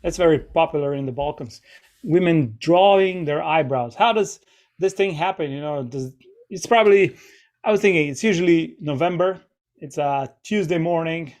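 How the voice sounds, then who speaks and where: A man's voice: a little high, normal speed, darkish tone. A man hosting a live improv comedy show, rambling and chatty as he keeps interrupting himself. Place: small theater stage.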